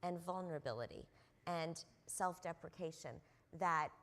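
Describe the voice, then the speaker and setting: A middle-aged woman speaks from a convention stage in a low voice with a gravelly edge of fry. She tells anecdotes earnestly, dotting her sentences with ums and uhs. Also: normal speed, fairly bright tone. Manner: earnest anecdotal storyteller with frequent fillers. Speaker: panelist. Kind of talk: conference panel storytelling.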